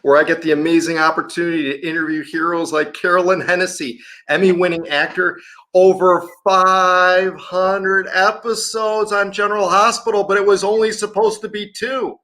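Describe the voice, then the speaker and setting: A man's voice: high voice, flat delivery, moderate pace, pushed and bright. Male host, upbeat and chatty, interviewing a guest over video call.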